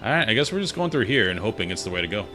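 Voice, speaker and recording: Low-pitched male streamer, rambling casual chat while gaming, with game music playing clearly underneath. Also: sing-song, rapid-fire, pushed and bright.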